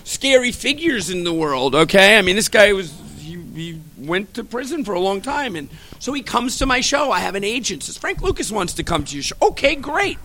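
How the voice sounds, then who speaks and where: A man, animated and excitable, telling stories on a casual podcast. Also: high voice, a little fast, few pauses, a little hiss or hum. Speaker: comic convention organizer, guest. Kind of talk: casual podcast chat, storytelling.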